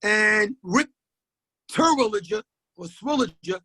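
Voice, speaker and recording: A man, a high school basketball coach telling stories in a casual interview, animated and acting out voices. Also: slow, breathy edge, no echo. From Queens, New York. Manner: animated storyteller who acts out voices and repeats himself.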